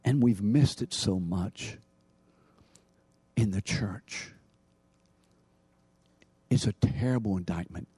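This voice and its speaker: A man preaching a sermon as pastor, emphatic, rising and dropping in pitch and loudness. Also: slow, long pauses, breathy edge, no echo.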